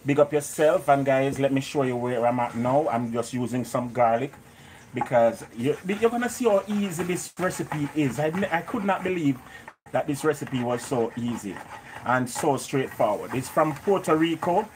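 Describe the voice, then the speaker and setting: A man's voice: mid-range voice, lively intonation, normal speed, noisy background. A man with a Jamaican accent hosting a live cooking stream from a home kitchen, chatting and greeting viewers by name. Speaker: cooking show host.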